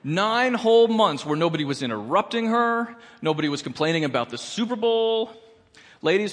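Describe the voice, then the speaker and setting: A man's voice: fairly high pitch, a bit bright, in a large hall. A man performing a stand-up comedy set in a church, with a wry, playful delivery. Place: church auditorium.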